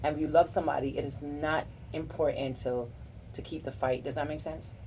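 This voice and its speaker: A woman's voice: low voice, steady tone, a little fast, a little hiss or hum. Earnest woman hosting relationship talk. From South Florida. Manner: warm-hearted, rambling, earnest advice with restarts. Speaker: podcast host. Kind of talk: casual group chat about relationships.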